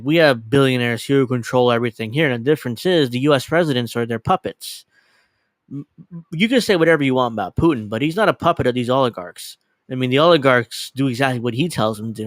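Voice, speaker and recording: A man's voice: mid-range voice, no room sound. A man hosting his livestream, giving casual, profane, sarcastic commentary on a clip and laughing often. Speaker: livestream host.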